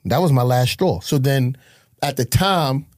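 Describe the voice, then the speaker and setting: A man's voice: mid-range voice, a little slow, darkish tone, dry recording, studio quality. A man, telling his life story as a guest in a blunt, profane, emotional way. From Harlem, New York. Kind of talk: candid life-story interview.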